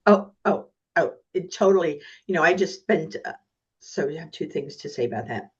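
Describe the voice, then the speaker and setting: A woman's voice: deep voice, normal speed, slightly rough, lo-fi sound. A woman who is a guest speaker on a podcast interview, telling stories with energy and acting out the voices of the people in them. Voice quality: animated storyteller, acts out voices in anecdotes.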